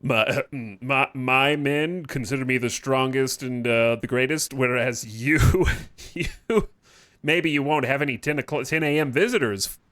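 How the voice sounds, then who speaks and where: A man's voice: mid-range voice, unhurried, fairly bright tone, close to an everyday voice. A man voicing a jealous, needy emperor in a whiny, sarcastic tone. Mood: mocking.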